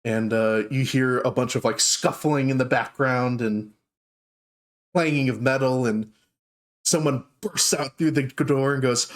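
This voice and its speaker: A man's voice: mid-range voice, unhurried. A male game master narrating a fantasy tabletop session, with lots of ums and uhs. His voice sits in a plain mid range. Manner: loose, filler-heavy narration.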